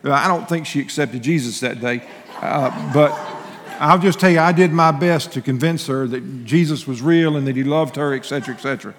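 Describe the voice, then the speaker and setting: A man's voice: medium pitch, a little fast, big-room sound. A male pastor giving a sermon in a folksy, conversational way, telling personal stories with restarts and laughing asides.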